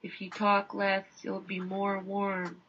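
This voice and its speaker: Woman dropping low for a calm, spare-spoken guide, slow and husky. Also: full character voice. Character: laconic, patient Inuit guide, man. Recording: dull lo-fi recording.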